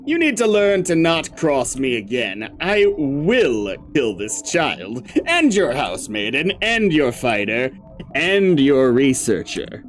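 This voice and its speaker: A man voicing a cruel male king villain in a video game, making slow, drawn-out shouted threats. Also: mid-range voice, sing-song, faint music behind. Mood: threatening.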